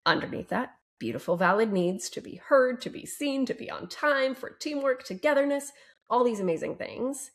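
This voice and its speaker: A woman relationship coach speaking as a guest on a podcast interview, upbeat and expressive. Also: on the high side, normal speed. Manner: upbeat and expressive, fond of gentle emphasis.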